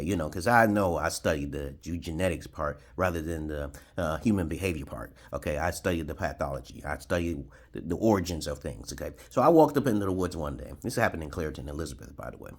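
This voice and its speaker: This fast-talking man in his forties from Brooklyn, New York, USA has a husky bass with lively intonation and hardly any pauses. A video blogger, he rambles through a story to camera, chuckles, and keeps adding "okay?" to his points.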